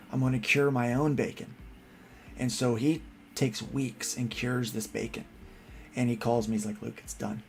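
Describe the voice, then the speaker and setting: A man hosting a casual chat, telling rambling, animated stories full of restarts. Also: medium pitch, creaky, slight background noise. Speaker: podcast host.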